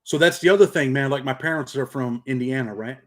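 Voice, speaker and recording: A man's voice: mid-range voice, a little fast. A middle-aged man from Rochester, New York, with a slightly country upstate accent, hosting a casual livestream and chatting with viewers in streetwise slang, saying "man" constantly. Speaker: channel host and paralegal. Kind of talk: casual livestream chat, reading comments.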